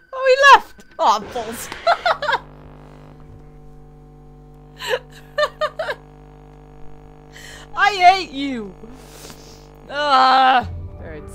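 Woman gamer, relaxed slow delivery, chatty and sweary with game characters, light music underneath. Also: sits high. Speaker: gaming YouTuber. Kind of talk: horror game let's play commentary. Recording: faint music behind.

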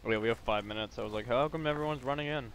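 A man chats loosely while playing a ghost-hunting game with his friends, cracking crude jokes and laughing along. His voice sits at an ordinary middle pitch. The stream audio carries a steady hiss of noise behind him. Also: rapid-fire. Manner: joking, crude, laughs often. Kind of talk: casual gaming chat.

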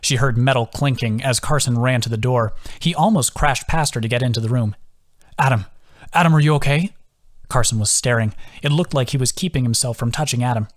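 A man's voice: mid-range voice, a little fast, hardly any pauses. A man, the author, reading his own fantasy novel as scripted audiobook narration. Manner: steady storytelling.

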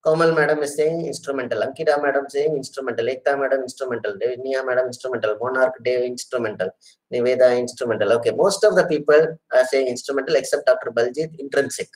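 In a rough recording, a middle-aged lecturer from India with a medium-pitched voice speaks earnestly in an online session with audience questions. He tends to repeat himself and refers to listeners as sir and madam.

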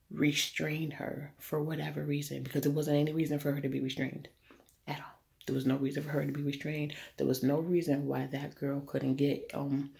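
Woman with a heavy gravelly voice. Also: low-pitched, a little mellow. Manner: blunt and profane, emphatic repetition. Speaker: vlogger. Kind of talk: casual to-camera rant.

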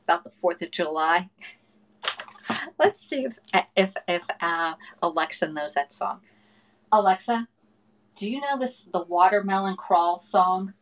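Middle-aged woman, livestream host, fast chatty talk, lots of laughter, fairly low voice. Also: expressive, low-quality recording. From northern United States. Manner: chatty, fast-talking, laughs often, reads comments aloud. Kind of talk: casual livestream chat.

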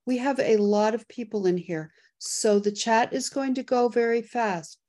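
Hosting a laid-back live webinar over video call, a fairly high-pitched woman gets excited going through the poll results and chat messages, quick to laugh.

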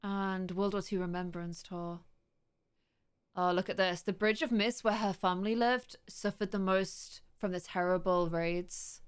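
A young woman hosting a let's play, chatting curiously and reading game text aloud slowly as she thinks. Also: medium pitch, steady tone, smooth.

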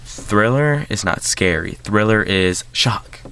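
A man's voice: fairly low pitch, expressive, takes it slowly, pushed and bright, a little hiss or hum. A man hosting a casual movie review, rambling with lots of filler words and restarts.

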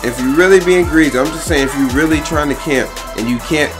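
A man giving energetic, boastful gameplay commentary full of slang and frequent laughs. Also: a little high, a little fast. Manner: boastful, hype, slang-heavy, laughs often. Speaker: gaming YouTuber. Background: faint background music.

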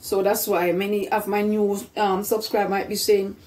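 A woman's voice: medium pitch, level tone, moderate pace, darkish tone. Earnest woman vlogging, mic distant. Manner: repetitive, earnest, faith-filled storytelling. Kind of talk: casual vlog testimony.

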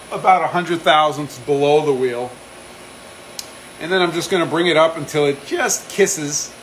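A man's voice: a little high, a little hiss or hum, low-quality recording. A man talking casually through a machining demonstration on a live stream, reading out viewer comments as he works. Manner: casual, chatty, reads out viewer comments, self-deprecating. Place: machine shop. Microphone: phone live stream.

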